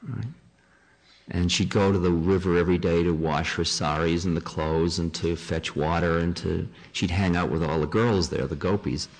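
A man, a spiritual teacher, in a relaxed, conversational talk with small fillers. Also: deep voice, moderate pace, in a large hall. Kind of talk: casual spiritual talk with readings.

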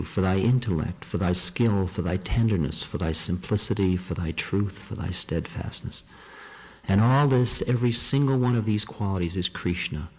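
Devoted young wife, fervent and archaic in speech, read aloud by a man in a low voice. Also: darkish tone, heavily acted, poor audio. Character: devoted young married woman, rapturous and solemn.

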